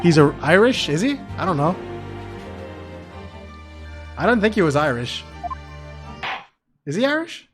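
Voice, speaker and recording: A man's voice: high voice, very animated, a little slow, long pauses. Swearing, self-mocking male game streamer. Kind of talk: casual game let's-play commentary. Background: background music.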